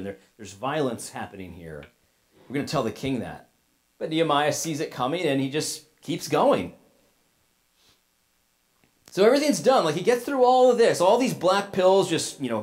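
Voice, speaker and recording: A man preaching a sermon as pastor in a casual, conversational way, retelling a story with asides and lively paraphrase. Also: a little high.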